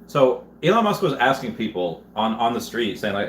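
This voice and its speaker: A man's voice: mid-range voice, sing-song, normal speed. A man hosting a casual livestream, reading viewer chats aloud and rambling in a chatty way with frequent restarts. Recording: echoey room with faint background noise.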